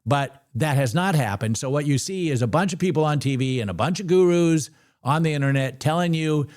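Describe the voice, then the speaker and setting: A man hosting a live trading stream, talking in an animated, ranting and excitable way. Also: a little high, a little fast.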